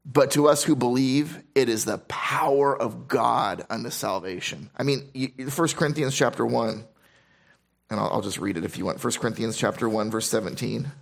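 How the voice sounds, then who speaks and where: A man's voice: mid-range voice, moderate pace, creaky. A man preaching a sermon, reading scripture aloud and explaining it with emphatic repetition and frequent restarts. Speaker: pastor.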